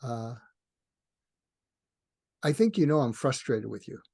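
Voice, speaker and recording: A man's voice: mid-range voice, takes it slowly, creaky, dry recording. Older man explaining, dry close sound. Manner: animated, acts out dialogue in varied voices, frequent restarts. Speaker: podcast guest, retired psychiatrist. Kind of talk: conversational interview explanation.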